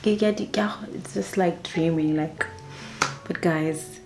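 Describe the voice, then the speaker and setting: A young woman, a flight attendant chatting excitedly in a casual vlog. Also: lowish voice, a little slow, noisy background. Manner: chatty, excitable, acts out quotes.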